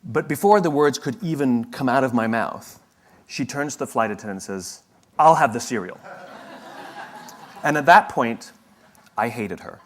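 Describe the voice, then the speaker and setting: A man's voice: mid-range voice, fairly bright tone. Wry, conversational male motivational speaker. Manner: conversational and wry, with self-corrections and asides. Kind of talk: motivational talk with storytelling.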